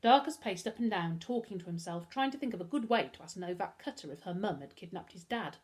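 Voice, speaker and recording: A woman teacher with an English accent reading a children's book aloud in an expressive, animated storytelling style. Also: medium pitch, fairly quick. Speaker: primary school teacher.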